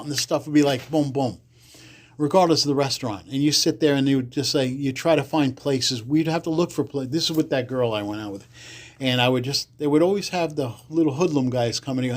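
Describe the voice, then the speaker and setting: Talking fast in a mid-range voice, this Bronx-born podcast guest wanders through anecdotes in a relaxed interview. Whenever he quotes someone, he performs them in a more animated voice.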